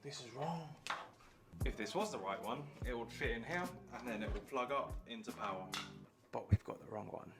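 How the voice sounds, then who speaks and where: A man's voice: mid-range voice, a little fast. A man presenting a gaming setup video, joking and running through gear in a casual way. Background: music.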